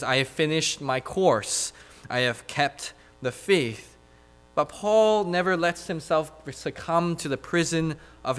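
A man's voice: a little high, fairly bright tone. A man preaching a sermon, reading scripture aloud with many "uh" fillers and building to emphatic repetition.

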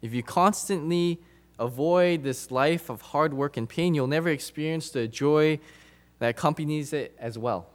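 With a voice a little high and a moderate pace, a man preaches emphatically to his congregation, repeating phrases for stress and alternating loud and soft passages.

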